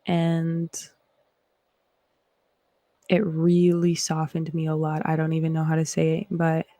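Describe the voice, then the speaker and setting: A woman's voice: low voice, monotone, unhurried, dark tone, no echo. A woman from Canada with a Canadian accent, hosting a casual livestream chat in a rambling, reflective way. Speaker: host.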